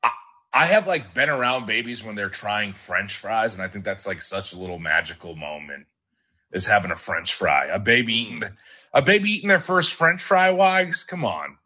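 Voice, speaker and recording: Playful, husky man co-hosting. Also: on the low side, animated, moderate pace, bright, forceful tone. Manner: playful, teasing. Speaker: podcast co-host. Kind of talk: casual live call-in chat. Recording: slightly dull lo-fi sound.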